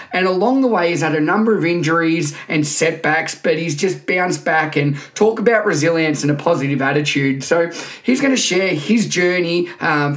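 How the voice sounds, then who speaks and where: A man with an Australian accent hosting a podcast interview, upbeat and chatty, calling his guest "mate" and using plenty of fillers. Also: fairly high pitch. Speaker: podcast host. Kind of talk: casual interview chat.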